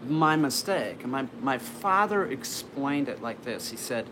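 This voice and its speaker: A man's voice: medium pitch, expressive, measured pace. A man casually telling a personal story, rambling with lots of restarts and fillers. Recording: noisy background ambience.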